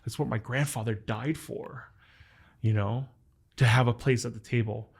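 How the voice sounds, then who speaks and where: A man's voice: medium pitch, steady tone, moderate pace, gravelly, slightly rough. A man hosting a podcast interview, telling a family story in an earnest, emotional way, full of "like" fillers as he talks directly to his guest. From United States. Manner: speaks directly and warmly to the guest. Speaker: podcast host. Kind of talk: heartfelt interview conversation.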